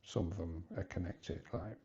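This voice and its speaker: Gravelly-voiced man, halting and hesitant. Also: low voice, mellow, highs cut off. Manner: hesitant, halting, rambling with restarts. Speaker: vlogger. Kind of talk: personal confessional vlog.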